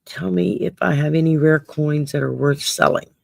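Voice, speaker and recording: With a deep, gravelly, darkish voice, she speaks at a normal, steady pace on a dry recording. She's a Cajun-accented Louisianan hosting a casual late-night stream, reading viewers' cards while joking saltily, cussing freely, and laughing frequently.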